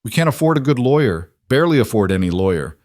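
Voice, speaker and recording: A man voicing a struggling rancher who speaks in a flat, defeated way. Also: mid-range voice, fast talker, no room sound, voice pushed up, close to an everyday voice.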